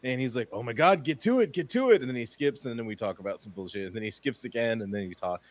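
A man from South Florida co-hosting a casual show, telling stories with swearing and quick laughter. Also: fairly low pitch, dry recording. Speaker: co-host reacting to a video. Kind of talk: casual profane storytelling.

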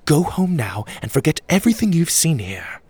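A man's voice: on the high side, big pitch swings, moderate pace, darkish tone, slightly rough, dry recording, voice pushed up. A man voicing a serious young female temple guardian in a children's story, with formal, clipped and urgent speech. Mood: grave. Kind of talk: storybook character reading.

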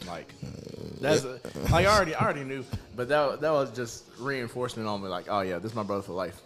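A man's voice: medium pitch, fast, a bit bright. A man co-hosting a podcast, talking earnestly and laughing as he tells stories. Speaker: podcast co-host. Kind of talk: casual chat.

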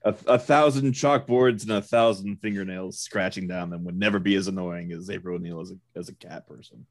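A man's voice: deep voice, fairly even intonation, brisk, dry recording, studio quality. A man co-hosting a podcast, chatting casually with wry, joking complaints. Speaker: podcast co-host. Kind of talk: casual chat.

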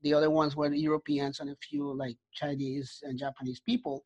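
A Colombian-born man speaking as a guest in a relaxed conversation, his voice sitting a little high for a man. He tells his experiences earnestly and acts out the exchanges he remembers. The recording sounds dull and lo-fi. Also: brisk, creaky. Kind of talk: casual conversation.

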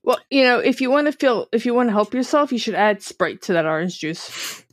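A woman's voice: a little high, expressive, fairly quick, no echo, clean studio sound. A woman guest on a podcast telling stories in casual chat, with a wry edge. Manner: chatty storyteller, wry.

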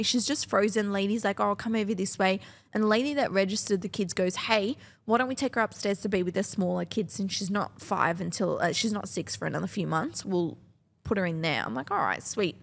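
A young woman, co-hosting a podcast and telling a story in casual, animated chat, swearing often and acting out other people's lines. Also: medium pitch, vocal fry. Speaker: podcast co-host.

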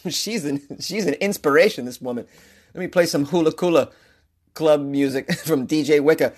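A man from Boston hosting a podcast, excitable and laughing often as he cracks crude jokes. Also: fairly high pitch, normal speed. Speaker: podcast host. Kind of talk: casual comedic commentary.

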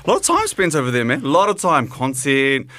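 A man's voice: medium pitch, wildly swooping pitch, a little fast, pushed and bright. A man co-hosting a morning radio show, a bit out of breath and playful in his banter. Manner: playful, sing-song banter. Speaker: radio co-host. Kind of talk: casual breakfast show chat.

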